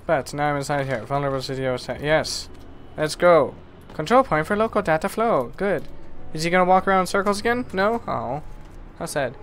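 A man streaming a video game live, chatting with viewers and reacting excitedly and goofily to the play. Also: fairly high pitch, brisk, hardly any pauses, slight background noise. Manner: excitable, goofy, talks to chat. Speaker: gaming streamer. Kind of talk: live gameplay commentary.

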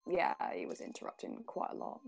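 A woman's voice: fairly quick, faint music behind. A woman chatting casually while gaming, laughing often and swearing freely. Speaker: gaming guest.

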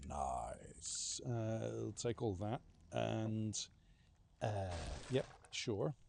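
Male game streamer, gravelly voice, unhurried delivery, chatty and prone to swearing. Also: lowish voice, animated, darkish tone, a little hiss or hum. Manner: chatty, swears, mutters to himself, hums silly ditties. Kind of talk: live gameplay commentary.

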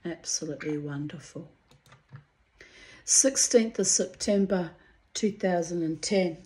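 A woman with a lowish voice reads her old diary entries out loud to her viewers, taking her time over each line. She is candid and chatty between entries, swears freely and clears her throat often. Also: measured pace. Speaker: vlogger reading her old writings to viewers. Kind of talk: reading diary entries aloud with chatty asides.

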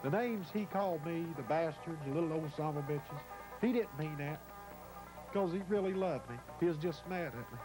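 A man's voice: a little high, a little fast, music in the background, rough recording. Appalachian man retelling a painful story. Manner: rambling, acts out what others said. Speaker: interviewee. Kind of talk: emotional first-person storytelling.

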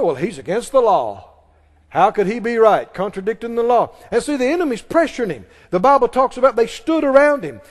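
A man preaching a sermon emphatically and leading his congregation in call-and-response. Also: very high voice. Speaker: pastor. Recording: long reverb of a large hall.

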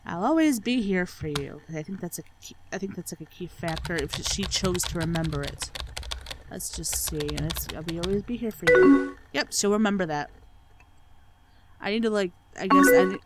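A woman's voice: on the low side, low-quality recording. A woman doing game playthrough commentary, sarcastic and swearing freely as she reads the on-screen chat aloud. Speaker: let's play gamer.

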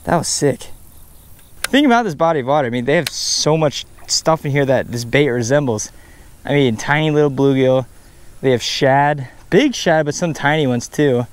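A man casually talking through a fishing vlog outdoors at a pond, bursting into excited exclamations. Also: mid-range voice, normal speed, smooth. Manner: excitable, bursts into loud exclamations over catches. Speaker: fishing vlogger.

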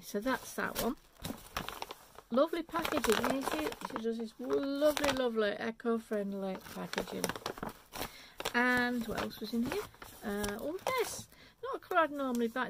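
A woman's voice: a little high, creaky. A woman, chatting enthusiastically and rambling as she shows off yarn in an unscripted knitting vlog. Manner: enthusiastic, rambling, self-interrupting. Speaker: knitting vlogger.

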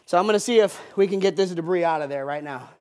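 Excitable high-voiced American man. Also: fast talker. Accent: Midwestern American. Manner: excitable, loud and jokey. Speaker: air duct cleaning expert. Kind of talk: hands-on product demo.

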